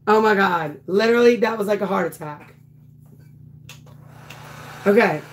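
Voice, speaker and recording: Chatty woman telling a story, slow-paced. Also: medium pitch, low-quality recording. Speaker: softball coach and crafter. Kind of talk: chatty storytelling while crafting.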